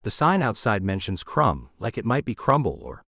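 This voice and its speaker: A man's voice: on the low side, sing-song, moderate pace, dry recording, clean studio sound, exaggerated voice. A man reading an audiobook, voicing a cheerful, curious young woman. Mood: bright, curious. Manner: bright, eager. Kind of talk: audiobook character voice.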